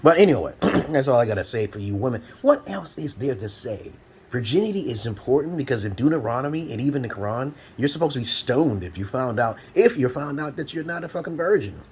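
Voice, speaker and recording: A man's voice: medium pitch, darkish tone, slight background noise. A man in his forties from Brooklyn, New York, giving rambling advice in a blunt, profane, preachy monologue at home. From Brooklyn, New York, USA. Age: 40s. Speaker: advice vlogger. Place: home room. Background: fan running.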